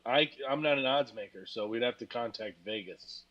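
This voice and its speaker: A man's voice: mid-range voice, moderate pace, fairly bright tone. A tired man rambles about football on a casual podcast, leaning on fillers and crude jokes. His sound is slightly dull and lo-fi, as if from a cheaper mic. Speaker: podcast co-host. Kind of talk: casual sports chat.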